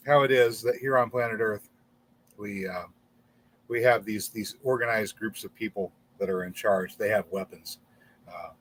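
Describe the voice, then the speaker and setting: A man hosting a casual livestream in front of a green screen, rambling and stumbling over repeated words. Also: mid-range voice. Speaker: channel host.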